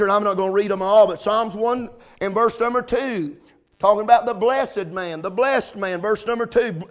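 A man preaching a sermon in a fervent way, quoting old-style scripture phrasing and building to loud, emphatic peaks. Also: high voice.

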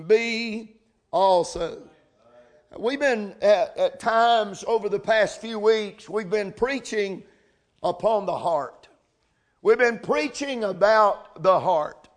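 Slow high-voiced preacher man. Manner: slow preaching with emphatic repetition of scripture. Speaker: pastor. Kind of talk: sermon.

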